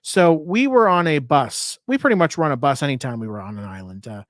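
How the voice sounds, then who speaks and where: A man's voice: medium pitch, lively intonation, a little fast, a bit bright, no echo, clean studio sound. A man co-hosting a podcast, chatting casually and telling easygoing travel stories. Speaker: podcast co-host.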